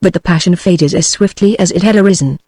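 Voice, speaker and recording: A text-to-speech woman's voice with a British English accent, reading an adventure novel aloud in steady, even audiobook narration. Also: on the low side, fast talker, breathy edge, no echo.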